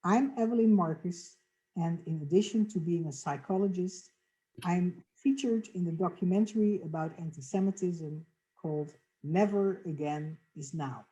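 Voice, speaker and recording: Mellow-voiced Dutch woman hosting a podcast. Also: fairly low pitch, normal speed, muffled recording. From Netherlands. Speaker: podcast co-host, psychologist. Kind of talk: scripted podcast introduction.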